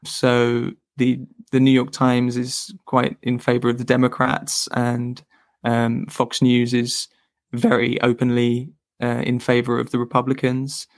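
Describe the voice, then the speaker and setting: A man as a podcast guest, explaining his views thoughtfully with pauses and restarts. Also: medium pitch, monotone, no echo, studio quality. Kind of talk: casual interview chat.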